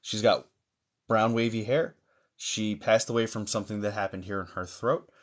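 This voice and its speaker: A man with a low voice hosts a live mediumship stream. He greets viewers warmly by their usernames and reads chat comments aloud. He talks in a chatty way, full of fillers. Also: steady tone, moderate pace.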